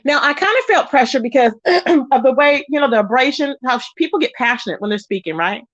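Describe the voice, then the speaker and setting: A woman hosting a casual gossip livestream, chatty and animated, greeting viewers in the chat by name. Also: brisk, dry recording. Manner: animated, pitch jumps up when excited. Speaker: live-stream gossip host. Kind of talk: casual live-stream chat. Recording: dull lo-fi sound, dry.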